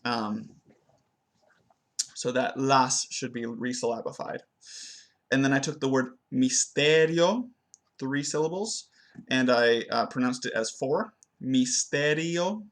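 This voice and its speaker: A young man giving a spoken review of his own pronunciation, hesitant and full of fillers, slowing down to demonstrate words. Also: mid-range voice. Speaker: language student. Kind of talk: spoken self-assessment of pronunciation.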